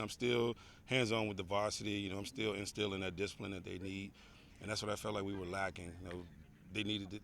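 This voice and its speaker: A man, a high school head football coach, giving an earnest outdoor interview at practice, often saying "you know" and repeating words. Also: bright, forceful tone. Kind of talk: on-field interview.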